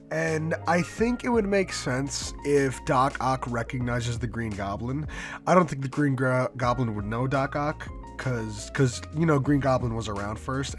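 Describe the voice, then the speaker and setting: A man hosting a casual fan-theory vlog, rambling in a slangy, loose way and swearing now and then. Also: medium pitch. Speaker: movie vlogger host.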